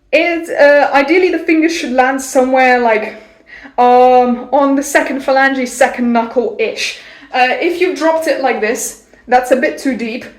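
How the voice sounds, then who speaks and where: A woman giving a casual violin lesson in a playful, jokey way, with theatrical asides. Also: fairly high pitch. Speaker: violin teacher. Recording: roomy echo.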